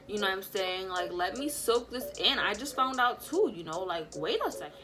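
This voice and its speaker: A woman's voice: mid-range voice, fairly quick, few pauses. Young woman telling a storytime. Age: young adult. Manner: animated, lots of fillers, acts out quotes. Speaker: vlogger. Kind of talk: storytime vlog, casual retelling.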